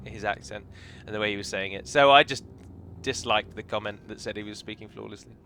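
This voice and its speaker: A man's voice: fairly low pitch, a little fast, gravelly, bright, forceful tone, a little hiss or hum. A man casually commenting over a strategy game he plays, rambling into opinionated asides about pronunciation. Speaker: game modder and let's player.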